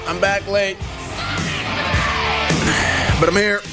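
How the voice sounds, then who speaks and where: A man hosting a talk show, giving emphatic, sarcastic commentary with a lively voice. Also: high voice, slow, shouting, loud music behind the voice, over a noisy crowd. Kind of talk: opinionated commentary.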